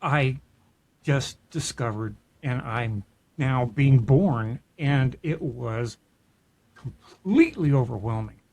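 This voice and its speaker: Middle-aged male podcast host, earnest and reflective, mid-pitched, casual storytelling. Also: drawn-out words, darkish tone. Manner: earnest and reflective, with frequent restarts. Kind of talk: personal storytelling in casual chat.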